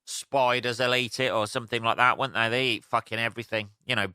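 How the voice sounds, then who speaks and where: A man's voice: mid-range voice, steady tone, a little fast, pushed and bright, smooth, dry recording, clean studio sound. A young man hosting a solo podcast, rambling and swearing as he tells jokey stories. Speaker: podcast host. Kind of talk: casual solo podcast rant.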